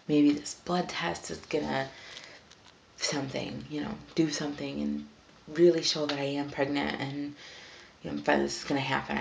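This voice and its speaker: A young woman rambles through a frustrated vlog rant, full of fillers and restarts. Her voice sits very low with a gravelly fry. A faint hiss of noise runs underneath. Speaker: vlogger. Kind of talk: casual vlog venting.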